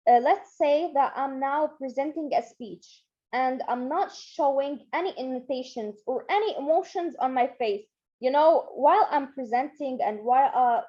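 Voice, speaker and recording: A woman's voice: high-pitched, dark tone, dull audio. A woman leading an online training lesson, talking in an encouraging way with many fillers and repeats. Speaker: Model UN trainer.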